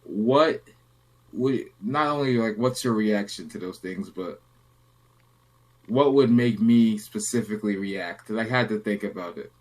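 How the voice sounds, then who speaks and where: A man's voice: lowish voice, a little slow. A young adult man hosting a casual podcast, rambling through a story and acting out the people in it. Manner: relaxed, rambling, acts out quotes. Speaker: podcast host.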